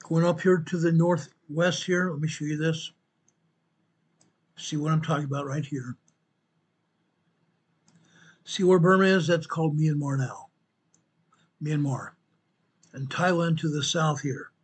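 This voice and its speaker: A man hosting a show, walking viewers through an earthquake map in a slow, emphatic way and repeating his points. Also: on the high side, slightly rough. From United States. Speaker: show host presenting earthquake updates. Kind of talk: informal map walkthrough commentary.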